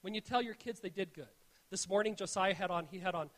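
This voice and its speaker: High-voiced man preaching an earnest sermon. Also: fast, a bit bright. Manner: earnest, storytelling, frequent restarts. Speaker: pastor. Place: church.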